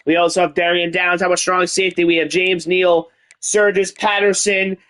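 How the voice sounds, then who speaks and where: A man's voice: high-pitched, flat delivery, normal speed, pushed and bright. A man doing a put-on Irish accent while hosting and commentating a football video game dynasty, calling things out like a hyped announcer. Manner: hyped announcer calls with Irish-style "laddies". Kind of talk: gameplay commentary.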